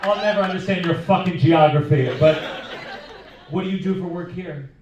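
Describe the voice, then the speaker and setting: A man's voice: high voice, normal speed, distant mic, lo-fi sound, background noise. A male stand-up comedian doing crowd work, teasing and profane, laughing as he talks. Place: comedy club stage. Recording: echoey club, audience laughter.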